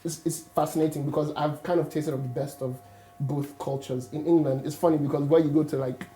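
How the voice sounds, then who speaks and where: Fast, mellow-voiced man thinking aloud. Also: fairly high pitch, fairly even intonation, soft background music. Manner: reflective, thinks aloud with many "like" fillers. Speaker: pastor's child on a panel. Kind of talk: candid panel discussion.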